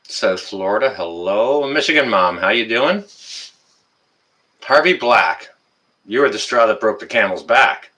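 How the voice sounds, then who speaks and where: Male stream host, lowish pitch, bright tone, loose rambling chat with viewers. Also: animated, a little slow, pauses often, low-quality recording. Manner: rambling, greets chat viewers by name, frequent uh fillers. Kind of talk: casual live stream chat.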